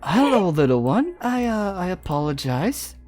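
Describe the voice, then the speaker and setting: A woman's voice: fairly low pitch, big pitch swings, moderate pace, soft background music, pitched above the performer's own voice. A woman voicing a prickly young woman companion who nags and snaps indignantly in tabletop role-play. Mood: wary. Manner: sharp and indignant.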